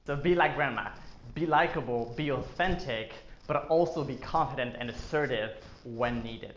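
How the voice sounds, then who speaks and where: A man's voice: medium pitch, moderate pace, highs cut off. A man vlogging about marketing in a casual, joking explainer style with lots of fillers. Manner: joking asides, filler-heavy. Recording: echoey room.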